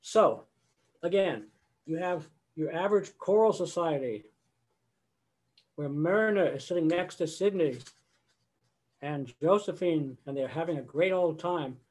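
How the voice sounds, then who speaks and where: A man's voice: a little high, unhurried, long pauses, a little mellow. An older man, a choral conductor, giving a conversational lecture over a video call and breaking into sung example phrases. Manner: conversational, sings example phrases mid-explanation.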